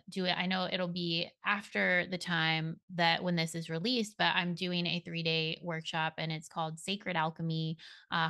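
Gentle woman guest with a gravelly voice. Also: lowish voice, no echo. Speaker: podcast guest, spiritual coach. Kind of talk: casual interview chat.

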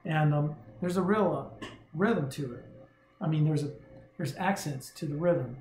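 Male guitar teacher, casual and chatty, slightly high voice, roomy room, guitar audible. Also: unhurried, a little hiss or hum. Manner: relaxed, conversational, hums rhythms aloud. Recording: roomy sound with guitar playing.

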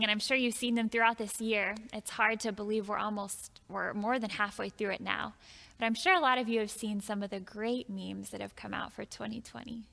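A woman preaching a sermon in a church, reading scripture slowly and earnestly and then talking it through with the congregation. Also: fairly high pitch, vocal fry, a bit bright. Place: church sanctuary. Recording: long hall reverb.

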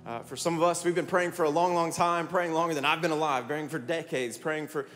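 A man preaching a sermon as pastor, energetic and rallying his congregation with repeated calls to respond. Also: on the high side, brisk. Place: large church hall. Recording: long hall reverb, music behind.

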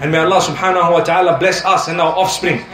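Male preacher, high voice, chatty and humorous, echoey hall sound. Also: fairly even intonation, fast talker, crowd noise. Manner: conversational, humorous, rhetorical questions to audience. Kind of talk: sermon.

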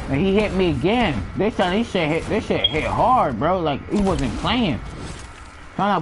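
A man's voice: sits high, big pitch swings, moderate pace, background noise. A young man telling personal stories in a casual, slangy way, often laughing and acting out the sounds of what happened. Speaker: storyteller. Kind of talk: casual storytelling.

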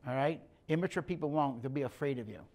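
A middle-aged speaker on emotional health and leadership gives a conversational teaching talk. Medium-pitched, fast and a little mellow, he tells stories in plain, direct language and acts out the dialogue.

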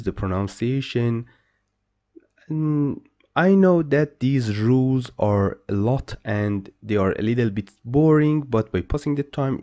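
A male language teacher gives a pronunciation lesson in a dark, mellow, medium-pitched voice. He goes slowly, leaves long gaps between phrases, and repeats each word more than once as he patiently explains.

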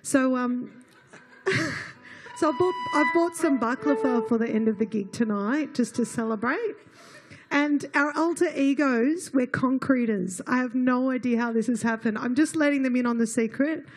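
A woman's voice: high-pitched, normal speed, husky. A woman, a singer-songwriter on a festival stage, chatting with the crowd between songs on a stage mic and laughing often.

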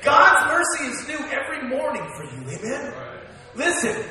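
A male preacher delivering an energetic sermon in a church, often asking for amens. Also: very high-pitched. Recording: echoey church hall, distant mic.

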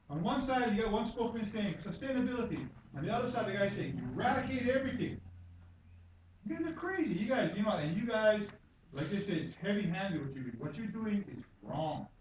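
A high-pitched man with a Hawaii Pidgin accent testifies at a public hearing, blunt and angry, with repeated phrases and swearing. He is heard from across a very echoey conference room, with faint background noise. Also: far from the mic. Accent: Hawaii Pidgin-tinged English. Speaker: member of the public giving testimony.

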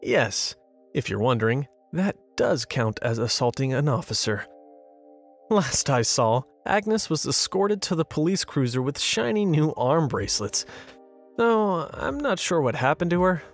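Brief: male narrator, slightly high and very animated, sarcastic storytime read. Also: a little slow, faint music behind. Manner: expressive, sarcastic storytelling with lively pitch swings. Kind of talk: scripted narration of an online story.

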